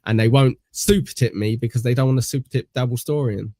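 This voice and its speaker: A man's voice: mid-range voice, fast, dark tone, dry recording, studio quality. A British man from England hosting a podcast, rambling casually with lots of fillers and self-deprecating asides. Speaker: podcast host. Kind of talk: casual chat.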